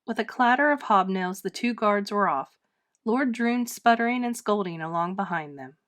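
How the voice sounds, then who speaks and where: A woman reading a children's storybook aloud with dramatic, expressive narration. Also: mid-range voice, normal speed. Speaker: storybook reader. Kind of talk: children's book read-aloud.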